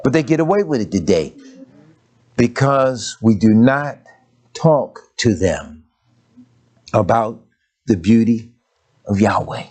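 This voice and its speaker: An older male preacher tells stories through his sermon, his pitch swinging widely as he shifts from his own voice into quick impressions of his parents and grandmother. He sounds expressive and a little mellow.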